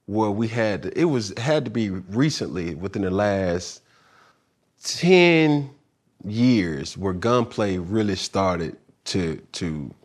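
A man's voice: fairly low pitch, lively intonation, takes it slowly. A man hosting a casual talk show, chatting with a guest and drawing out his stories. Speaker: podcast host. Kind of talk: casual chat.

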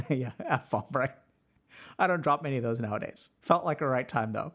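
A man's voice: mid-range voice, animated, normal speed, fairly bright tone. Earnest man giving relationship advice. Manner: conversational, earnest, many fillers. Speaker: podcast host and mental health doctor. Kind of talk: casual advice talk.

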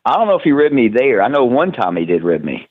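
A man's voice: mid-range voice, big pitch swings, fast talker, breathy edge. Southern man on a tinny line. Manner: rambling, laughs often, restarts a lot. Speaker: wrestler guest. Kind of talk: casual storytelling interview.

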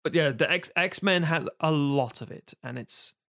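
A man co-hosting a film podcast in casual chat, animated and given to sudden exaggerated quoted voices. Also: on the high side, measured pace, creaky. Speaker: podcast co-host.

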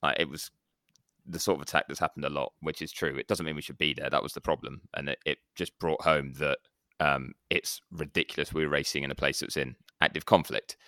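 A man's voice: rumbling low, steady tone, brisk, bright, forceful tone, no room sound. A man co-hosting a casual podcast, teasing his co-hosts in dry banter. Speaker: podcast co-host. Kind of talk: casual chat.

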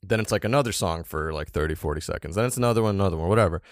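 A man's voice: sits low, rapid-fire, no echo, clean studio sound. A young man co-hosting a podcast, chatting loosely and swearing often. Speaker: podcast co-host. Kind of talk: casual chat.

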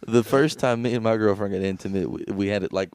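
A man's voice: fairly low pitch, fast, a little mellow, clear, resonant tone. A young man co-hosting a podcast, telling crude stories in a loose, laughing casual chat. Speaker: podcast co-host.

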